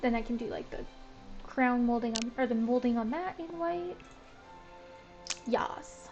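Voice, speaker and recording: Here a woman gives relaxed commentary while playing a building game on stream, filling her self-talk with "like" in what she calls a Valley Girl manner. Her pitch is a little high and her pace moderate, with music in the background and the high frequencies cut off.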